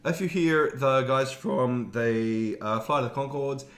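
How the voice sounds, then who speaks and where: A man's voice: medium pitch, a little slow, a bit bright, echoey room. A man with a New Zealand accent co-hosting a casual podcast chat, swearing a lot and joking about accents. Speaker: podcast co-host.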